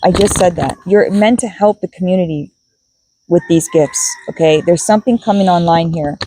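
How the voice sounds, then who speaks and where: A woman's voice: lowish voice, normal speed, warm tone, a little hiss or hum, low-quality recording. A woman giving a spiritual card reading to her viewers, musing aloud and repeating key words as she goes. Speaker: tarot and oracle card reader.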